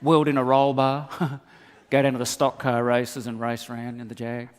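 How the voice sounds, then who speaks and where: At a moderate pace, a pastor with a medium-pitched voice preaches, livening his sermon with comic stories and acting out the voices in them. A long hall reverb colors the recording.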